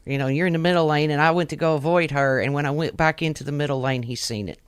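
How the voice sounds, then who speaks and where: A woman's voice: low-pitched, fast, smooth, dry recording. A woman truck driver, telling stories in a blunt, salty way with plenty of swearing, as a podcast guest. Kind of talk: casual storytelling chat.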